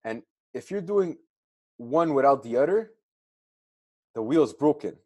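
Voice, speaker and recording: A man's voice: mid-range voice, animated, a little slow, mellow. A man in casual podcast chat, earnestly telling a weight-loss story and giving motivational advice.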